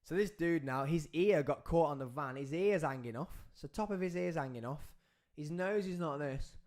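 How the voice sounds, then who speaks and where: Speaking at an ordinary pace, this male podcast host narrates a story with lively, excitable energy. He performs the scenes, letting his pitch and loudness rise and fall dramatically.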